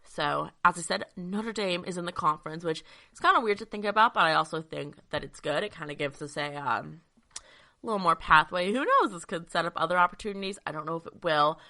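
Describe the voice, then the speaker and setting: A young woman hosting a sports podcast from her childhood bedroom, chatty and excitable with lots of fillers, a little out of breath. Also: lowish voice, fairly quick. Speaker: podcast host. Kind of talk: casual sports podcast monologue.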